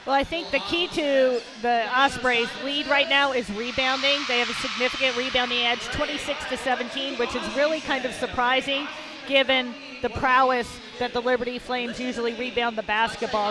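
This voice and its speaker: A woman giving color commentary on a basketball game, analytical and plain-spoken with a folksy turn of phrase. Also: a little high. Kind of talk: sports commentary.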